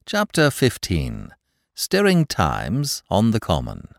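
A man narrating a classic story in a measured, expressive reading. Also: lowish voice, vocal fry, dry recording, clean studio sound. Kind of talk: audiobook reading of classic fiction.

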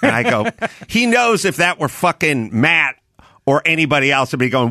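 A man's voice: fairly high pitch, expressive, normal speed, pushed and bright, no room sound, clean studio sound. A middle-aged man hosting a podcast, telling a story in casual chat and acting out exasperated quotes. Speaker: podcast host.

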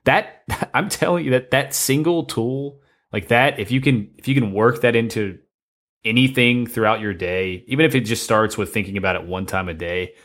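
A man's voice: medium pitch, moderate pace, fairly bright tone. A man hosting a podcast, asking rambling questions and joking enthusiastically. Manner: jokey, enthusiastic, self-interrupting questions. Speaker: podcast host. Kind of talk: casual podcast interview.

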